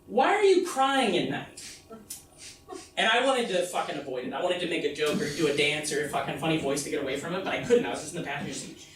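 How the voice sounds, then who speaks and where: A man performing a comedic one-man stage show, telling a story with animated delivery and acting out the people in it. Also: on the high side, rapid-fire, roomy sound, far from the mic, a little hiss or hum, rough recording. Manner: animated storytelling, acting out his mom and himself. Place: theater stage. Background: audience laughter.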